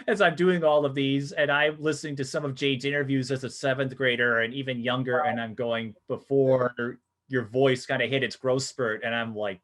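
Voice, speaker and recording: A man's voice: medium pitch, fairly even intonation, normal speed, fairly bright tone. A middle-aged man interviewing young athletes in a casual, teasing way, laughing often. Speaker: sportscaster and interviewer. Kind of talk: casual video-call interview.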